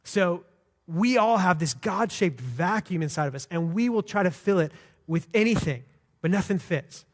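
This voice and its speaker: Guy preaching in a church, kinda high voice, chatty and earnest, long echo off the hall. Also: animated, moderate pace. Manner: conversational, earnest, with frequent restarts. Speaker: pastor. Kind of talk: sermon. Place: church sanctuary.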